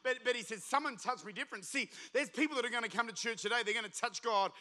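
Male pastor, impassioned preaching that rises to shouts; high-pitched, sharp and bright. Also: quick pace. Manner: impassioned, builds to shouting, acts out voices of the story. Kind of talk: sermon.

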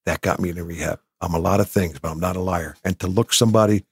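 A man's voice: deep voice, fairly even intonation, fast, slightly rough, dry recording, studio quality. A man in his sixties from New Jersey, a podcast guest telling candid personal stories with emotion and acting out what others said. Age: 60s. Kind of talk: candid storytelling.

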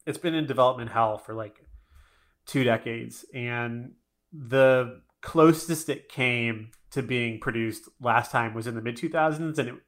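A man's voice: medium pitch, measured pace, fairly bright tone. A man co-hosting a casual podcast chat, blunt, profane and opinionated. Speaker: podcast co-host.

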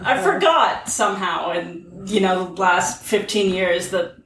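A woman co-hosting a podcast in casual chat, relaxed and telling anecdotes. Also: mid-range voice, a little slow, very noisy. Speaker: podcast co-host. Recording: distant mic, echoey room, faint ambience.

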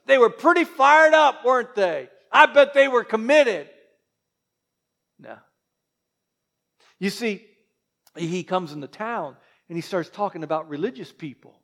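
High-voiced pastor man preaching. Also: a little slow, gravelly, long pauses. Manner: lively, joking asides to the congregation. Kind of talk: sermon.

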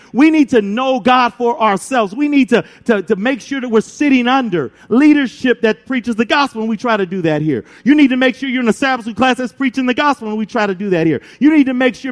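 High-pitched guy preaching, dramatic pauses, gets loud and emphatic. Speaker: pastor. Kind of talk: sermon.

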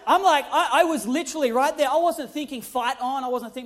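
A young man, a pastor, telling a funny personal story in his sermon, animated and humorous with loud emphatic peaks. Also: very high-pitched, fast, few pauses. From Australia.

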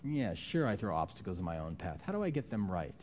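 A man preaching a conversational sermon, shifting from quiet reflection to loud, animated outbursts as he acts out voices. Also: low-pitched, quick pace, a little hiss or hum. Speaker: pastor.

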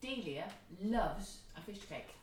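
A woman's voice: medium pitch, expressive, slow pace, darkish tone, slight background noise. A middle-aged woman, a parent in a casual family chat, easily amused and laughing along. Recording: roomy, distant mic, faint clatter.

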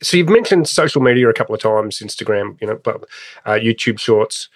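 A man's voice: lowish voice, animated, a little fast. A man hosting a sales podcast, asking questions in an easygoing, somewhat hesitant way. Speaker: podcast host. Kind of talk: podcast interview.

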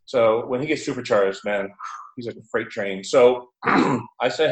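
A man's voice: mid-range voice, measured pace. Chatty man telling a story in a roomy space. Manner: animated, chatty, laughing, many fillers. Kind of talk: casual storytelling. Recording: roomy echo.

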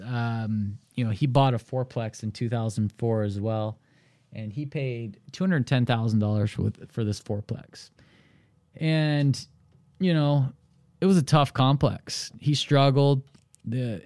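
A man's voice: medium pitch, takes it slowly, no echo. A man in a mid-range voice tells stories on his podcast in a loose, conversational way, leaning on "you know" as he goes. The recording is close and dry, with no room sound. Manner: animated storytelling, many "you know" fillers. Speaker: real estate podcast host. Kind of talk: casual solo podcast monologue.

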